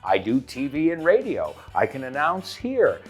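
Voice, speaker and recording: A husky-voiced English teacher and host with a Northeastern US accent gives an energetic, playful lesson in English and Spanish, using an announcer-style delivery. His voice is mid-range at a moderate pace, with soft music in the background.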